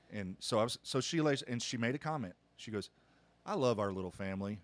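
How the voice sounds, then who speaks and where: A middle-aged pastor hosting a podcast tells a family story in casual conversation, earnest and often restarting his sentences. His voice is on the low side and expressive, and he speaks a little fast.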